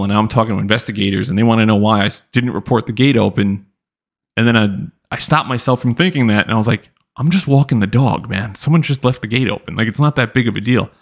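A young man with a fairly low, creaky voice hosts a live-streamed podcast. He rambles through animated stories packed with fillers in a casual chat.

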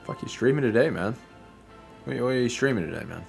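A man's voice: medium pitch, lively intonation, a little fast, gravelly, long pauses, faint music behind. A young man giving casual, profane, joking commentary while he plays a video game. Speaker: gameplay streamer.

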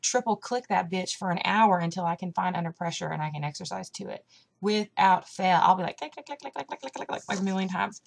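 A young woman with a thick Southern country accent chats in a loose, rambling way, filling her talk with little fillers. Her voice has a gravelly edge of fry under a middle pitch. She sounds hyper and caffeinated as she vlogs. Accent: American Southern country. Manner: chatty and rambling, with lots of fillers. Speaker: vlogger. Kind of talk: casual chat.

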